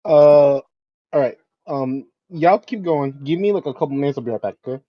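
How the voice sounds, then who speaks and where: A man co-hosting a casual podcast, relaxed and brief. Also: a little high, normal speed, lo-fi sound. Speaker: podcast co-host. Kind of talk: casual chat.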